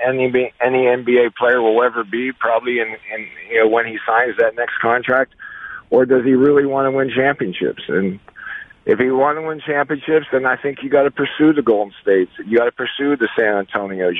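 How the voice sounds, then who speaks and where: A man calling in as a guest coach on a sports radio show, answering slowly with many restarts. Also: mid-range voice, dry recording. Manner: hesitant, many restarts, measured. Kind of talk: sports radio phone interview. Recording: tinny phone line.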